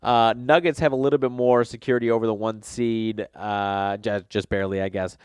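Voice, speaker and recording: A man's voice: fairly low pitch, steady tone, a little fast, clear, resonant tone, dry recording, studio quality. A man hosting a sports betting show, a little nasal from a cold, talking casually and rambling with many fillers and self-corrections. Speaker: sports betting podcast host.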